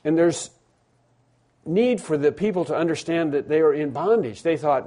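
Speaking at a moderate pace with a fairly high, mellow voice, this pastor delivers his sermon in a conversational style. Phrases get restarted and repeated as he rises toward emphatic, heavily stressed lines.

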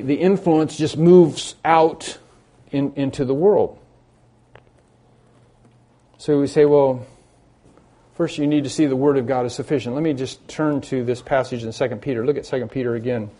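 Earnest male preacher, mellow voice. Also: fairly high pitch. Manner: earnest, emphatic preaching with frequent restarts. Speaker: pastor. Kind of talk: sermon.

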